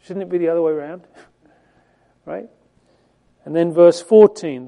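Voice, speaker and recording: A man's voice: a little high, a little slow, vocal fry, warm tone. A man preaching a Bible-teaching sermon in a conversational, emphatic way, with frequent fillers and restarts.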